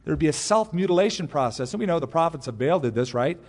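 Pastor with a fairly high voice, in a large hall. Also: male voice, animated, fast talker, a little mellow. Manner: conversational Bible teaching with personal anecdotes. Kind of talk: expository sermon. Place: large church sanctuary.

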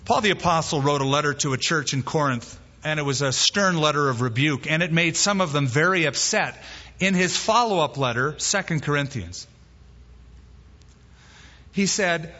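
Emphatic pastor preaching in a reverberant hall. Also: male voice, fairly high pitch, animated, bright, forceful tone. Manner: emphatic, slows down on key words. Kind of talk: sermon. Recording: muffled hall recording with long reverb.

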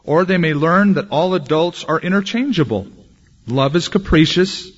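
A male pastor preaching a sermon, moving between loud, emphatic declarations and quiet, hushed asides. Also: fairly high pitch, lively intonation, normal speed, breathy edge, lo-fi sound.

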